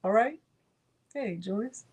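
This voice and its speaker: Speaking slowly in an animated, mid-range voice with a breathy edge, a middle-aged woman runs a live tutorial on craft software. She greets and chats with viewers by name as she demonstrates.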